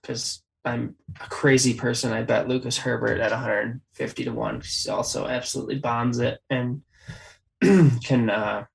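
A man's voice: mid-range voice, lively intonation, moderate pace, vocal fry, low-quality recording. A man hosting a casual golf betting chat, rattling off odds and stats. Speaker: golf betting podcast host.

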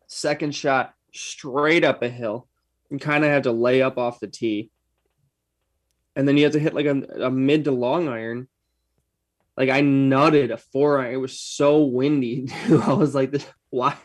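A man co-hosting a golf podcast talks in an easy, laid-back way, peppering his chat with slang. His voice sits at a middle pitch. The sound is dry and close, with no room echo. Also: steady tone, unhurried. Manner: chatty, laid-back, drops slang like "dude". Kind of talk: casual chat.

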